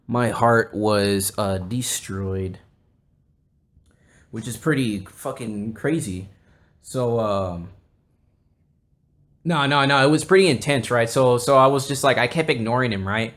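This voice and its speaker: Young man, podcast host, casual storytelling, profane, animated, rambling. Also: medium pitch, measured pace.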